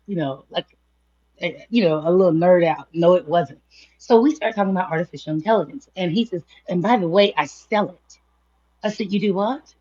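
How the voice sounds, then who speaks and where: Chatty woman telling stories, husky voice. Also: on the low side, brisk, darkish tone, highs cut off. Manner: chatty, laughs often, quotes others in a livelier voice. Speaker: guest speaker. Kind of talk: casual storytelling on a live audio panel.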